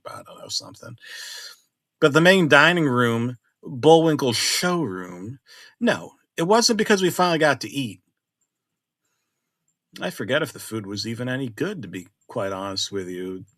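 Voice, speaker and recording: A middle-aged man narrating a horror story in a conversational way, swinging between loud exclamations and hushed asides. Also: medium pitch, no echo, clean studio sound.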